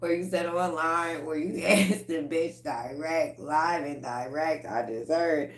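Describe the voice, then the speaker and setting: A woman's voice: low voice, takes it slowly, echoey room, slight background noise. A woman giving a casual tarot collective reading, blunt and profane, breaking into laughter often. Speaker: tarot reader.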